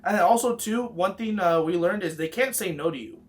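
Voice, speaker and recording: A man's voice: sits high, a little fast, soft background music. A man from Georgia, co-hosting a cruise vlog and chiming in with jokes and short remarks. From Georgia, USA. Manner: joking, chimes in with short remarks. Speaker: vlog co-host. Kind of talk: casual travel vlog chat. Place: cruise ship cabin.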